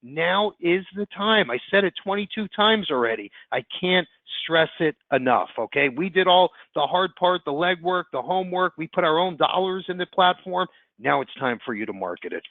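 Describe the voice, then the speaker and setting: A man giving an upbeat, fast sales pitch as presenter on a webinar call. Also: lively intonation, dry recording. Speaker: insurance platform presenter. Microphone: conference call line. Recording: tinny phone-line audio.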